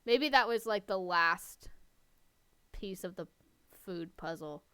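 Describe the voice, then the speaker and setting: Smooth-voiced woman reading with a giggle. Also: fairly low pitch, expressive, slow pace, pushed and bright, dry recording, studio quality. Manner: giggly, chatty asides between passages. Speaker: reader and co-host. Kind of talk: casual reading aloud.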